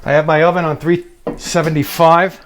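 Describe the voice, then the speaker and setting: In a kitchen, a cooking show host works through a comic demonstration, joking and needling his audience as he goes. His voice sits on the high side with a flat delivery at normal speed, over background noise.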